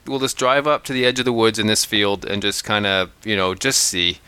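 A man co-hosting a podcast, telling hunting stories in an animated, casual way, often restarting his sentences. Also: on the low side, brisk, clean tone, no room sound. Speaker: podcast co-host. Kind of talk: casual storytelling chat.

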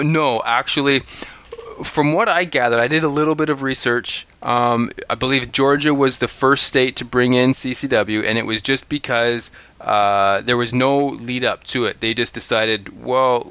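Guy on a podcast telling a hunting story all pumped up, bright crisp voice, dry sound. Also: mid-range voice, normal speed, dry recording. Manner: animated, restarts often, acts out calls. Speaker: podcast co-host. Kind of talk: casual storytelling chat.

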